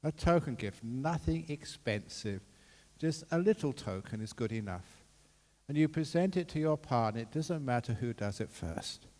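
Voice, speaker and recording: Giving a dharma talk, a Buddhist monk sounds jovial and laughs easily. His expressive voice sits at an ordinary middle pitch with a darkish tone, and a long reverb from the hall trails after it.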